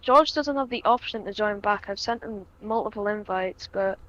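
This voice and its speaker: A woman's voice: medium pitch, moderate pace, a bit bright, highs cut off. A woman co-commentating an online racing league stream, reading out the grid and laughing often. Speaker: race commentator. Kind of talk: casual sim racing commentary.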